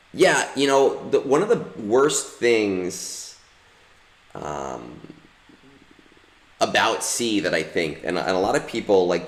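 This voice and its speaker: A man's voice: low voice, reverberant. A man streaming a mobile game, rambling casually with many fillers and restarts while he plays. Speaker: gaming streamer. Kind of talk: casual livestream commentary while playing.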